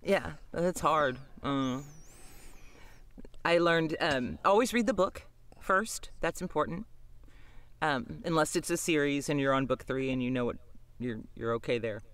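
A man's voice: fairly high pitch, measured pace, a bit bright, smooth, no echo. A man co-hosting a podcast, talking casually about narrating audiobooks in a blunt, wry, profane way. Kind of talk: casual chat.

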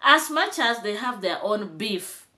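A woman's voice: mid-range voice, animated, a little slow, sharp tone. A young Kenyan woman with a Kenyan accent, giving chatty commentary in a vlog that grows into indignant scolding. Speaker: vlogger.

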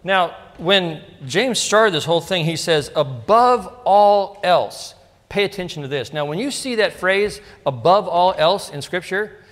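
Chatty pastor preaching in a reverberant hall. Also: male voice, high voice, fairly bright tone. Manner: casual and storytelling, with frequent asides and rhetorical questions. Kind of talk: conversational sermon. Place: church sanctuary.

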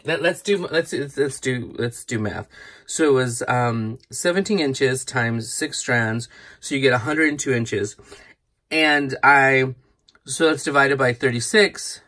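A man's voice: medium pitch, a little slow, bright, forceful tone. A man hosting a casual craft tutorial, chatty and rambling, correcting himself as he demonstrates. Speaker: craft channel host.

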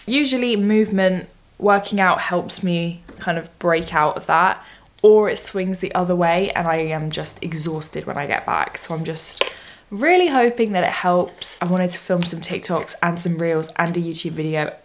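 A young woman from England, chatting casually to her camera at home, self-deprecating and quick to laugh. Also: fairly low pitch. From southern England. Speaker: vlogger. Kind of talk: casual vlog chat to camera. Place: at home, indoors.

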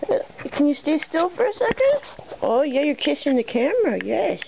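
Woman sweet-talking her dog, lively high voice. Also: moderate pace, vocal fry. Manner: coaxing, sing-song talk to a pet. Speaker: pet owner. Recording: dull home video with faint noise.

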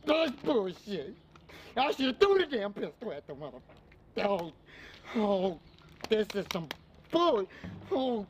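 A man acting in a low-budget comedy film as a panicky young street hustler who curses a lot and talks himself through trouble. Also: very animated, measured pace, a little hiss or hum. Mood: exasperated. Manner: frantic, cursing, talks to himself. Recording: film audio with music underneath.

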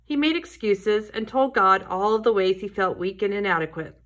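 A woman teaching a Sunday school lesson, telling a Bible story to children in a gentle storytelling way. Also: mid-range voice, normal speed.

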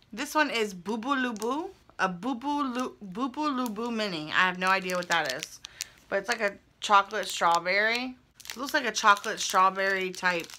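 Young woman vlogger, bright voice, chatty and gushing, camera mic at home. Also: medium pitch, slight background noise. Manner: chatty, gushing, thinking aloud. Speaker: vlogger opening fan mail. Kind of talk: casual chat. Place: indoors at home.

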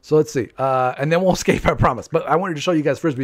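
A man commentating live gameplay for viewers, excitable, talking to his players and breaking into high shouts, with keyboard typing behind him. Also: rapid-fire, hardly any pauses. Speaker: game streamer.

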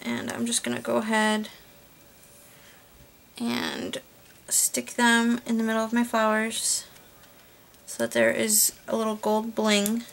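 A woman narrating her card-making tutorial in a relaxed, chatty way, thinking aloud as she works. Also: fairly high pitch, takes it slowly, gravelly, pauses often, a little hiss or hum. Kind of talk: casual crafting tutorial voice-over.

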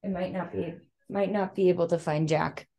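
Relaxed woman giving short replies. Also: on the low side, moderate pace. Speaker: panelist. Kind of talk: casual chat.

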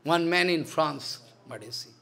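A man's voice: on the high side, unhurried, creaky, pushed and bright. A man, a spiritual teacher giving a devotional lecture in a stern, scolding manner, repeating his points. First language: Bengali.

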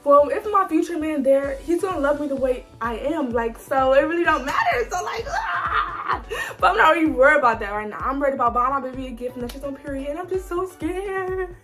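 A woman's voice: high voice, expressive, quick pace, few pauses, a bit bright, soft background music. A young woman, vlogging casually in a big store, giggly and nervous as she talks to her viewers. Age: young adult. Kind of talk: casual vlog chat.

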